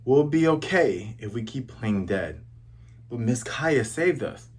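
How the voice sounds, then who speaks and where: Brave little boys from an anime, whispering their resolve while they play dead, as a man reads them. The voice stays low and hushed, with a husky grain. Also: animated, takes it slowly. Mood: hushed determined.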